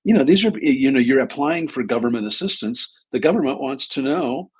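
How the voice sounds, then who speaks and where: A middle-aged man hosting a live advice stream, telling a story from his clinical work with animated asides. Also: mid-range voice, fairly quick, slightly rough. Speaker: host, clinician.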